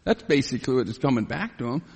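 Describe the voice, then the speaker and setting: This pastor's voice is medium in pitch, expressive and creaky as he works through scripture in an expository sermon, stopping after verses to explain them. Voicing Joseph, he becomes earnest and pleading. Long reverb from a hall fills the audio.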